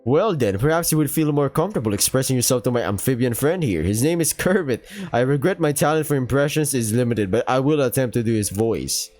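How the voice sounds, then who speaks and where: A man's voice: mid-range voice, animated, brisk, hardly any pauses, a little mellow, soft background music, natural voice. A man voicing a blunt, lecturing middle-aged male therapist in a game playthrough.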